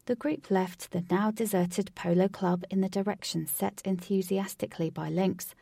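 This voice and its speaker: A woman narrating a storybook aloud in a steady, measured reading, recorded from a distance from the microphone. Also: medium pitch, vocal fry, slightly rough, dry recording. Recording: distant from the mic, dry.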